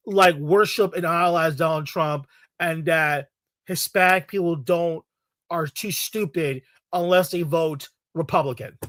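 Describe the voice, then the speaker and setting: A man's voice: high-pitched, bright, forceful tone, no room sound, studio quality. A man from Latin America delivering a heated, profane rant to camera as a video commentator, repeating himself and swearing often.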